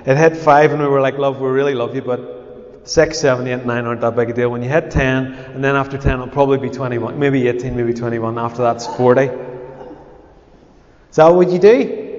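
A man, a pastor giving a conversational, animated sermon with asides to the congregation. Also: a little high. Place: church hall. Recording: echoey church hall, dull sound.

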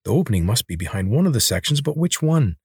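A man with a husky voice narrating a novel in steady, measured storytelling. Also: medium pitch, no echo, clean studio sound. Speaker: audiobook narrator.

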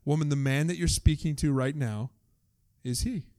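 A man voicing gentle, softly spoken Jesus. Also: on the high side, normal speed, pitched below the performer's own voice, lightly acted. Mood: earnest. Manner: gentle, warm, affirming.

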